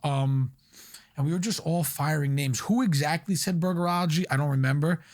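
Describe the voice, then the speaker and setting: A young man from Long Island talks as a guest on a podcast. He is an energetic storyteller and fills his sentences with loose fillers as he recounts his restaurant years. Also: fairly high pitch, a little fast. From Long Island, New York. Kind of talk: casual podcast interview.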